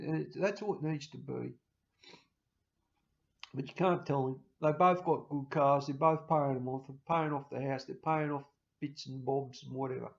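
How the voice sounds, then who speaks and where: A middle-aged man, rambling emotionally to camera in a farewell vlog, breaking into loud mimicry and laughter. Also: on the high side, gravelly. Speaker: YouTuber signing off. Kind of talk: casual personal talk to camera. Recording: dull lo-fi home recording.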